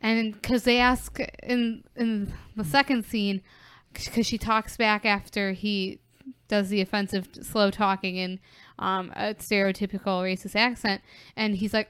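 Young female co-host, mid-pitched and smooth, chatty plot recap, lots of fillers. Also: level tone, a little slow, fairly bright tone, no room sound. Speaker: podcast co-host. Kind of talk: casual film discussion.

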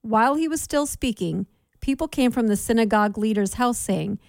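A woman giving a measured Bible reading for a daily reading plan, with clear, steady delivery. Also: on the high side, no echo, studio quality. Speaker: scripture reader.

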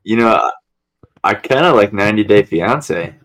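A young man with a slightly low voice chats on a podcast. He feels his way through sentences, stopping and restarting with fillers. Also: expressive, moderate pace, a bit bright. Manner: hesitant, lots of you know and um. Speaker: podcast co-host. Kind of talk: casual chat.

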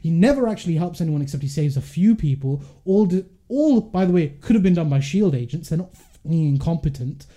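A man with a high, dark and mellow voice rants in a casual podcast chat. He argues with passion and indignation and keeps the rant going at speed. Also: expressive, a little fast. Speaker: podcast co-host.

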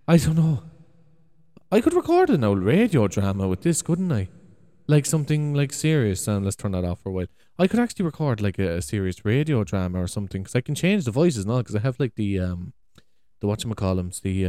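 Man, rambling vlog, cursing, exclaiming, lower-pitched voice, dry close sound. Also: a little mellow, dry recording. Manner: swearing, exclaiming, trailing off. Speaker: vlogger. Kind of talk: rambling casual monologue. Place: big room at home. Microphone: USB desk microphone.

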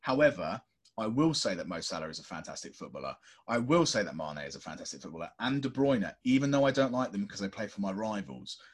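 A podcast co-host with a husky edge to his voice. He talks in an impassioned rant, his intonation leaping up and down, and he swears without holding back. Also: fairly low pitch, sing-song, quick pace. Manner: impassioned, ranting, swears freely. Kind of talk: casual chat.

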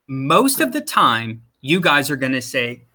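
A man's voice: mid-range voice, sing-song, a little slow, pushed and bright. A man working as a career coach, giving direct, emphatic interview advice and repeating his key points. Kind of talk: instructional talk to viewers.

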